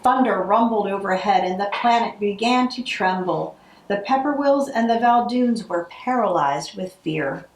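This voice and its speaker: A woman reading a holiday picture book aloud, with expressive narration. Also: mid-range voice, moderate pace, roomy sound, rough recording. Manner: expressive, acts out the characters. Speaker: storybook reader.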